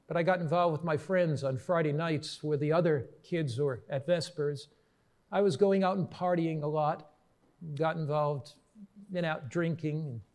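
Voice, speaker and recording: Hushed, hopeless young woman on the phone, a male preacher quoting her, low and quiet. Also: lightly acted.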